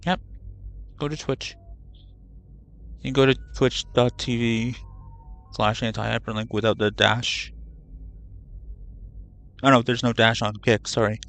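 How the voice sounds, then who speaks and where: A man's voice: mid-range voice, steady tone, unhurried, vocal fry, pauses often, fairly bright tone. A man streaming a video game, chatting casually in a rambling way, swearing freely, and often correcting himself mid-sentence. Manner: rambling, profane, self-correcting. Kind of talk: casual gaming livestream chat.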